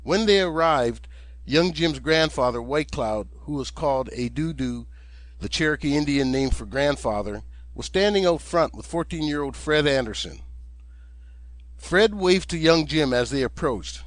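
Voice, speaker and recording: A man, the author, narrating his own audiobook in a steady, gentle storytelling manner. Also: mid-range voice, dry recording.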